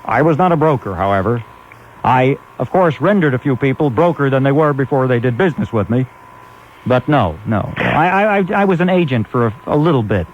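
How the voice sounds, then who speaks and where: A man's voice: mid-range voice, lively intonation, fairly quick, slight background noise. Sardonic radio host man, muffled broadcast. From Brooklyn, New York. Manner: sardonic, wordy, testy with callers. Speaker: radio talk show host. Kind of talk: late-night call-in talk radio.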